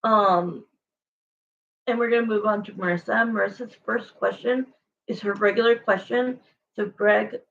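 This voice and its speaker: Woman tarot reader, frank chatty livestream host, unhurried delivery with a gravelly edge, slightly muffled audio. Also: fairly high pitch. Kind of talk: casual livestream chat.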